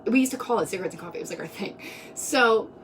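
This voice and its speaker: A vlogger in her twenties tells a personal story casually on a live stream, rambling with lots of fillers and "like"s and laughing between lines. Her medium-pitched voice runs very fast, far from the mic with slight background noise.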